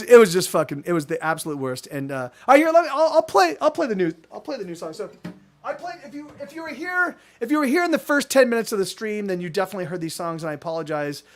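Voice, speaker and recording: A man in his thirties, a livestream host, telling a rambling story to his chat with many restarts and a lot of swearing. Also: sits high. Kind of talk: casual storytelling to live chat.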